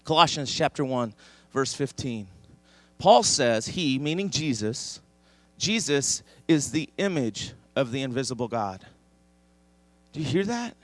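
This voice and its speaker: In a church sanctuary, a male pastor preaches emphatically and leads the congregation in call-and-response, having them repeat a verse. His mid-range voice swings widely in pitch at an unhurried pace, on a dry recording with faint music behind.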